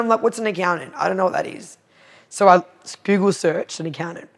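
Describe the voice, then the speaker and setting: Animated Australian woman telling stories. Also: lowish voice, quick pace. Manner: animated, acts out both sides of conversations. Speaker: podcast guest, cleaning business owner. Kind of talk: casual storytelling interview.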